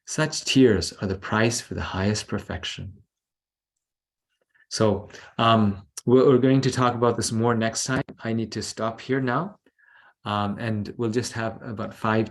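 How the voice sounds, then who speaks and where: A man teaching a scripture class over a video call, explaining gently and unhurriedly with small fillers. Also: mid-range voice.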